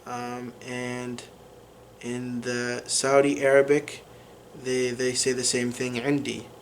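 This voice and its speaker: A man explaining a language lesson in an unhurried way, pausing often with fillers as he works through examples. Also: medium pitch, level tone, a little hiss or hum. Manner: unhurried, many fillers and restarts while explaining. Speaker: language teacher.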